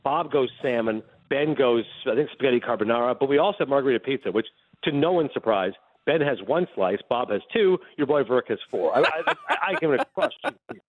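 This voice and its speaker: A man calls in to a radio show and rattles off a story at high speed, acting out each person's lines as he goes. His voice comes through a dry, narrow, phone-like line. He sounds animated and chatty. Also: no room sound. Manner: animated, fast anecdote telling with acted-out dialogue. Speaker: radio guest. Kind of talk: casual storytelling chat.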